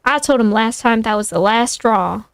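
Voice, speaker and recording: A woman's voice: on the high side, normal speed, clear, resonant tone, dry recording, close to an everyday voice. A woman voicing a spunky, chatty female squirrel scientist with folksy sayings, in a storybook reading.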